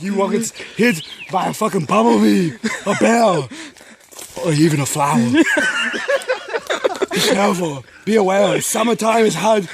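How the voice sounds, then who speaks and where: A man putting on a crude, boastful action-star character on a nature walk, rambling profanely and laughing at his own jokes outdoors on a trail. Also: sits high. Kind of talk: improvised comedy walk-and-talk. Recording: clear outdoor background noise.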